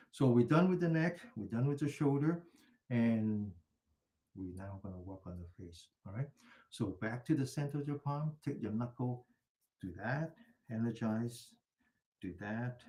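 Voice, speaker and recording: A man calmly talking a group through self-massage, step by step, sometimes whispering softly. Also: medium pitch. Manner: calm step-by-step directions, drops to a soft whisper for repeated words. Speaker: mindfulness instructor. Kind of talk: guided self-massage instruction. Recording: echoey room.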